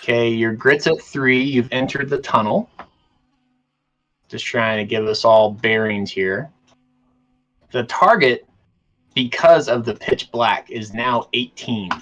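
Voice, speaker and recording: A man running a tabletop role-playing game as game master, narrating scenes in a descriptive, relaxed way with frequent fillers. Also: medium pitch, takes it slowly, long pauses.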